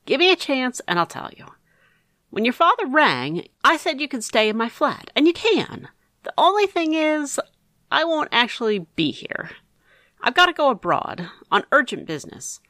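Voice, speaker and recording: An eccentric middle-aged uncle, as a woman puts him on, theatrical and flamboyant. His voice leaps through a very wide range with a bright edge. The sound is close and dry. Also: sits high, sing-song, moderate pace, dry recording, voice pushed up, exaggerated voice. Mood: jovial.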